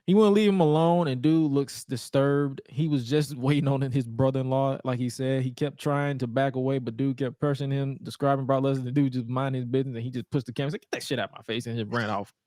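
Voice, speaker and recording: A man's voice: medium pitch, fast, mellow, no echo, studio quality. A man co-hosting a podcast, recapping old wrestling shows in a laid-back, joking, profane way. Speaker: podcast co-host. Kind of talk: casual wrestling recap chat.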